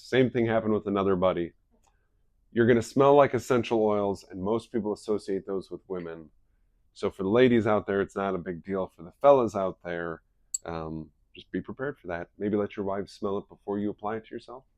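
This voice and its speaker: Male wellness presenter, lowish voice, anecdotal and chatty, live group talk. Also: fairly quick, darkish tone, no room sound. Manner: chatty storyteller who laughs at his own stories.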